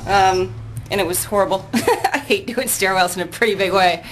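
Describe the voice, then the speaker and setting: A woman's voice: medium pitch, normal speed, a little hiss or hum, poor audio. An older woman chatting casually in a fitness vlog, rambling and laughing often, a bit out of breath after a workout, recorded on a handheld camera out on her balcony. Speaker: vlogger. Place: outdoor balcony.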